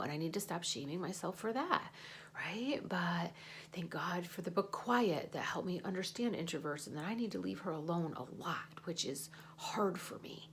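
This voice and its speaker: A woman in her forties, a life coach, talking through a personal reflective monologue. She speaks softly, often drops to a breathy near-whisper, and keeps checking in with a confiding "right?". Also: lowish voice, lively intonation, normal speed.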